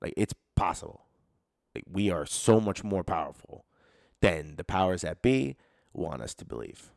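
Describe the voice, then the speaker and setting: A man's voice: deep voice, moderate pace, vocal fry, dry recording, studio quality. A man hosting a solo podcast, ranting casually with lots of swearing and acting out people's inner voices. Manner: casual, profane, animated, acts out quoted inner voices. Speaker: podcast host.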